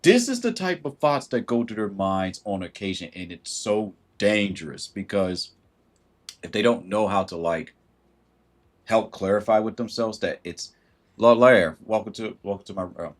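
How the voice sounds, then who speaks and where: A man's voice: lowish voice, moderate pace. A man hosting a casual livestream, talking animatedly, acting out thoughts in different voices and greeting viewers as he goes. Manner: animated, acts out quoted thoughts in shifting voices; greets viewers mid-sentence. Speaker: livestream host.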